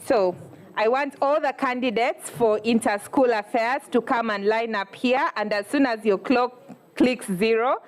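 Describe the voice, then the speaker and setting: A woman moderating a student election, calling candidates up in brisk, businesslike announcements. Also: on the high side.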